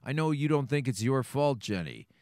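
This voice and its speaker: A man's voice: mid-range voice, sing-song, normal speed, darkish tone, no room sound, clean studio sound. A man hosting a podcast, blunt and opinionated, swearing casually as he introduces a guest. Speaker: show host.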